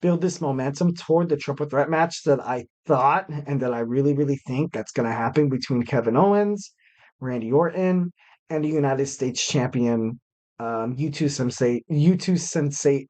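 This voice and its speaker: In a mid-range, slightly mellow voice, a young man chats casually by himself on his wrestling podcast. He rambles, piles on fillers, and makes little jokes about himself.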